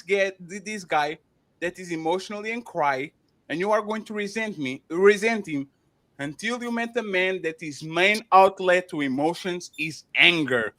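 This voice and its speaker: A man's voice: sits high, pushed and bright. A man hosting a podcast, arguing emphatically in a heated debate, interrupting and repeating himself.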